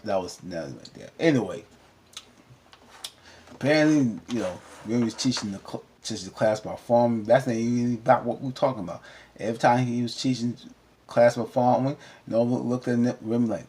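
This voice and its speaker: A man recapping a TV episode in a casual, animated, rambling way, often cutting himself off, with features. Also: medium pitch, fairly quick, a little hiss or hum. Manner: animated, rambling, self-interrupting. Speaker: TV recap vlogger. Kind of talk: casual chat.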